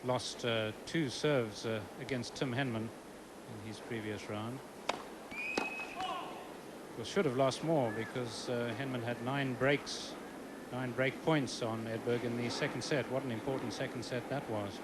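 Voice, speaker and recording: A male co-commentator gives analysis of the tennis, stopping often with "uh" as he thinks. His voice sits in a middle range and is buried under loud broadcast noise. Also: medium pitch, steady tone. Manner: analytical, with frequent "uh" pauses. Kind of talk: live sports analysis. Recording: very noisy old TV broadcast.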